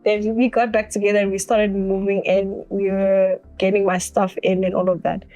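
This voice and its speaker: A woman's voice: mid-range voice, flat delivery, normal speed, dark tone, soft background music. A young woman tells a personal story as an interview guest, acting out the other people's lines as she goes.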